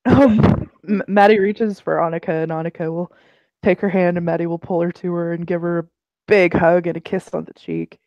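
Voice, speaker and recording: A player at a tabletop game, narrating their characters' hugs and smiles in a gentle, descriptive way. The voice is gravelly with plenty of fry, and the sound is dry and dull, with no room around it. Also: mid-range voice, fairly even intonation, moderate pace, dry recording. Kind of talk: casual role-play narration.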